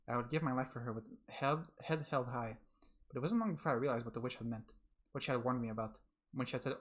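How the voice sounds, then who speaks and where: Fast-reading young man narrating a game. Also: mid-range voice, fairly bright tone, slightly rough. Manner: earnest, reads fast, slips and restarts. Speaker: let's play streamer. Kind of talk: reading a visual novel aloud with commentary.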